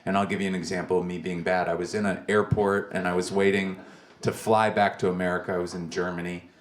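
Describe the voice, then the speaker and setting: Rambling low-voiced male stand-up comic. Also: flat delivery, fast. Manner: rambling, self-deprecating, chatting with the crowd. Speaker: stand-up comedian. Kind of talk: stand-up comedy with crowd work. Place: comedy club basement stage. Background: audience laughter.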